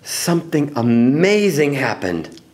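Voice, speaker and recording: A man reading a children's picture book aloud in an expressive, animated way. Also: a little high, takes it slowly. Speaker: storybook reader.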